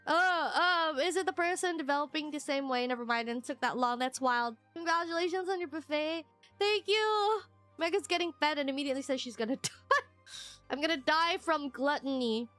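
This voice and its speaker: Bright high-voiced woman streamer. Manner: giggly, rambling, quick emotional swings. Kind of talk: casual live-stream chat reading comments.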